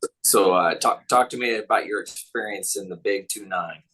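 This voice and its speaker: A man's voice: sits low, moderate pace, bright, forceful tone, slightly rough. A man interviewing a veteran, asking questions and giving short encouraging replies. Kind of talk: casual interview.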